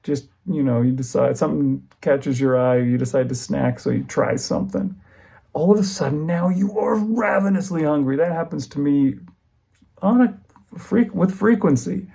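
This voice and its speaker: A man talking casually in a rambling, relaxed vlog, with frequent ums and restarts. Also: on the high side, normal speed, vocal fry, slightly rough. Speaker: vlogger. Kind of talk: casual diet vlog talk.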